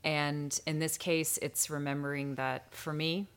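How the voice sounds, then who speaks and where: A woman's voice: low voice, level tone, a little slow, smooth. Earnest woman hosting a spiritual podcast. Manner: earnest, emotional, laughs often, sings verses. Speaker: podcast host. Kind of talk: casual spiritual podcast chat.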